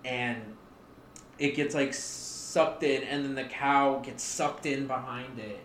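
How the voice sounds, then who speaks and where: A man co-hosting a comedy podcast, narrating an improvised story slowly with many hesitations. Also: medium pitch, fairly even intonation, a bit bright, reverberant, a little hiss or hum. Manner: slow, hesitant narration with fillers. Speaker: co-host.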